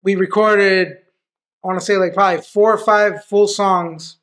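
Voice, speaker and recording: Man, high voice, podcast guest, casual profane storytelling, restarts. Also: steady tone, normal speed, fairly bright tone. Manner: loose, profane, full of restarts.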